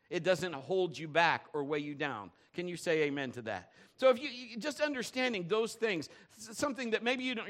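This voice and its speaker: With a voice sitting a little high for a man, a pastor gives a relaxed sermon. He jokes and tells stories in a conversational style, and he keeps checking in with the congregation by asking them questions.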